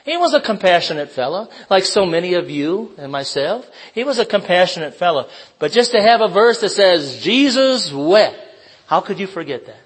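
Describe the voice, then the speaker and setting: High-voiced man preaching conversationally. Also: big pitch swings, fairly quick, hardly any pauses, breathy edge, low-quality recording. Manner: conversational, with rhetorical questions and personal stories. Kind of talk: informal sermon.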